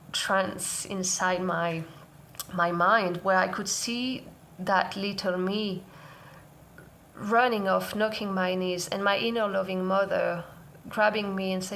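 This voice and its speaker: A woman vlogger sharing a personal parenting story in an earnest, soft-spoken, reflective way. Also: mid-range voice, vocal fry, a little hiss or hum. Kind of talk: heartfelt personal sharing to camera.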